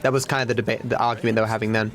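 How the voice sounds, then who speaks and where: A man's voice: on the low side, level tone, racing, over music. An Australian man giving casual livestream gaming commentary, candid and self-deprecating, swearing freely. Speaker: streamer.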